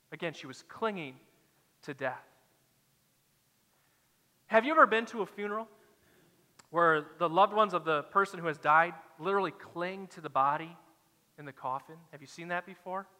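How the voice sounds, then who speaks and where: A man's voice: high voice, sharp tone, big-room sound. A man preaching a sermon as a pastor, dramatic and acting out the quoted lines.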